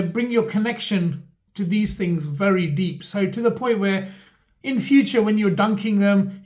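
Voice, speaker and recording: A man's voice: high voice, darkish tone. A man, talking to camera in a rambling, mock-earnest comic monologue with many fillers. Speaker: vlogger.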